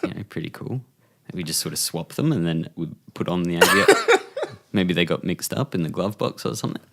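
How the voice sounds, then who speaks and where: A man's voice: low-pitched, animated, brisk, gravelly, a bit bright. A young man co-hosting a podcast, playfully improvising a silly story intro and laughing often. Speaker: podcast co-host. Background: faint guitar music.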